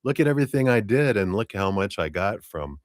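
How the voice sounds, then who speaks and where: A man's voice: fairly low pitch, sing-song, brisk, no echo, clean studio sound. A man voicing his own inner child as a small boy who sounds wide-eyed and astonished. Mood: pleading.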